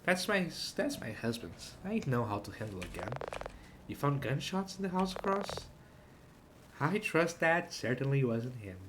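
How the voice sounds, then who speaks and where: A man's voice: medium pitch, sing-song, moderate pace, noisy background, close to an everyday voice. A man voicing a fussy, complaining frontier wife in a raised voice in a game playthrough.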